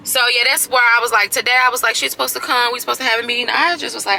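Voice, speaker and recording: A woman in her thirties vents to camera in a casual, exasperated way, repeating her points for emphasis and swearing freely. Her voice is very bright and sharp. A faint hum of street traffic sits behind her. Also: on the high side, steady tone, very fast, vocal fry, low-quality recording. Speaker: vlogger.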